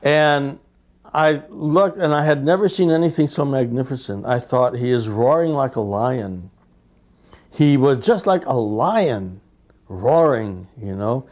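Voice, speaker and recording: A man with a middle-pitched voice tells stories with lively energy. He acts out the lines of the people he quotes as he goes. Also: measured pace. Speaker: devotee telling anecdotes. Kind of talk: anecdotal storytelling.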